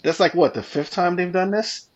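A man's voice: sits high, normal speed, dull audio. A man co-hosting a podcast in casual chat, chiming in with jokes and asides. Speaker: podcast co-host.

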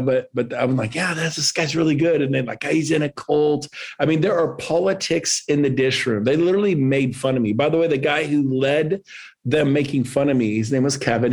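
A man in his fifties telling lively, jokey stories as a guest on a podcast interview, acting out quotes in other voices. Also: mid-range voice. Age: 50s. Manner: animated, jokey storyteller who acts out quotes in other voices. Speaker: podcast guest, real estate agent.

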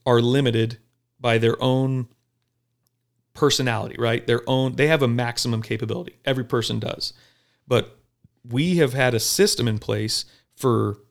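A police officer talking bluntly and profanely in a casual podcast chat, telling animated stories. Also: male voice, mid-range voice. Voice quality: gravelly.

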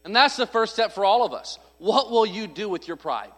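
In a sermon echoing with long hall reverb, a pastor speaks high-pitched and animated at a moderate pace, his tone fairly bright. He tells a conversational, humorous story and acts out the voices of those he quotes.

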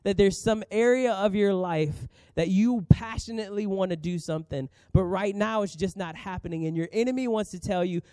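A man in his thirties preaching a sermon as pastor, earnest and emphatic with dramatic pauses. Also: high-pitched, mellow, no room sound.

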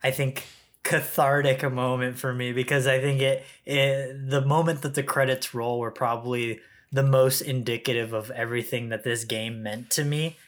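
A man in a casual podcast chat, talking earnestly and growing emotional, close to tears, with halting restarts. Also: medium pitch, level tone, fairly bright tone. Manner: earnest, gets choked up while talking.

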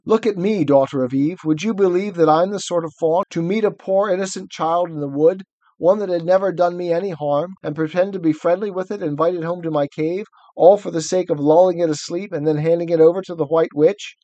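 A man's voice: on the high side, a little fast, mellow, dry recording, dull audio, voice pushed up, close to an everyday voice. A man putting on a sobbing guilty faun. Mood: sobbing remorse. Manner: tearful, pleading. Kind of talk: reading a novel aloud.

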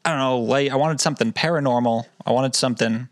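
Podcast dude rambling with lots of swearing and restarts, mid pitch, dry close sound. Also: male voice, fast talker, dry recording. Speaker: podcast co-host. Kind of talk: casual podcast chat.

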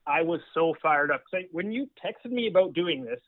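A man's voice: on the high side, lively intonation, fairly quick, dry recording. A man calling in as a podcast guest by phone, talking with eager enthusiasm. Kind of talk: casual podcast chat. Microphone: phone line. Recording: tinny phone line.

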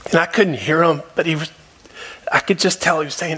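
A male pastor preaching a sermon, telling a story and dropping at times to a soft, hushed voice for emphasis. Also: a little high, brisk, husky. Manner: storytelling, shifts between soft hushed tones and raised emphasis. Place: church.

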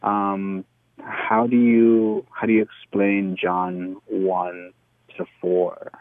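A man's voice: low-pitched, flat delivery, extremely slow, no room sound. A man calling in to a radio show, asking his question hesitantly with many fillers, over a phone line. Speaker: caller. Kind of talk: call-in question. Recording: tinny phone line, dry.

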